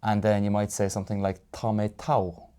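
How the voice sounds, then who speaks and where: An Irish man teaching Irish phrases in a relaxed chat, explaining slowly with fillers and restarts. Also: lowish voice. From Ireland. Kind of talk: casual language lesson.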